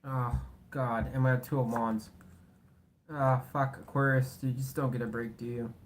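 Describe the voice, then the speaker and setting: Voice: medium pitch, little pitch movement, moderate pace, a little hiss or hum. Blunt, sarcastic tarot reader. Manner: blunt and sarcastic, swears casually; rambling, self-correcting talk. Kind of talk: casual tarot reading to camera.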